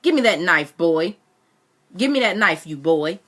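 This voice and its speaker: A woman's voice: on the low side, expressive, a little slow. A woman reading aloud, voicing a stern, harsh aunt who barks commands. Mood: angry. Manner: commanding, sharp.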